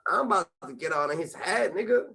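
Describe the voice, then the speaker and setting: Excitable high-voiced man telling street stories. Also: a little fast, creaky, husky, rough recording. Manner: animated storytelling, acting out quoted voices with jumps in pitch; profane street slang. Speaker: host. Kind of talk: casual chat, storytelling.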